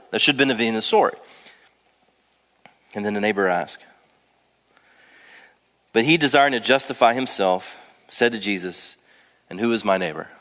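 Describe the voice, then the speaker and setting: A man's voice: mid-range voice, a bit bright. A young man preaching a sermon as pastor, in a conversational, self-deprecating way with frequent restarts. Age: young adult. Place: church sanctuary. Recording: long reverb of a church sanctuary.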